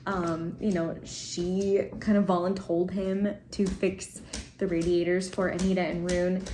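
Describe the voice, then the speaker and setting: Speaking in a dark, level, fairly low voice at a measured pace, a book vlogger talks casually about what she's reading, wandering off with ums and laughter. The recording is from an echoey room at home, with cats around, laundry going, and faint background noise.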